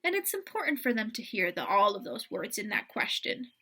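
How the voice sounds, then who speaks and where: A woman's voice: medium pitch, very animated, fairly quick, sharp tone, husky. A woman parent coach explaining language ideas to parents, acting out example phrases to make her points. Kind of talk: educational explainer.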